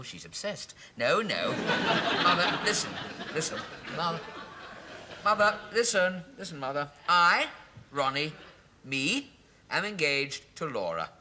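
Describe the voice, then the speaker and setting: An actor playing a fussy, excitable office clerk who is ruled by his mother, in a 1970s television sitcom. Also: fairly high pitch, noisy background. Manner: fussy, flustered, giggly.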